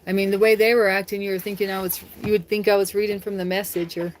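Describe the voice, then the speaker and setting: A woman's voice: mid-range voice, flat delivery, fast, a little hiss or hum. A woman from the United States chatting casually on her live stream, rambling and laughing often.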